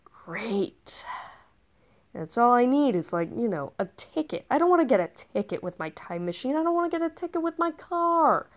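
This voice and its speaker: A chatty woman with a fairly high voice rambles through an in-character story, breaking off for dry, sarcastic asides. Her pitch swings widely, climbing and dropping as she talks. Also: sing-song, normal speed. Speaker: time-traveler storyteller.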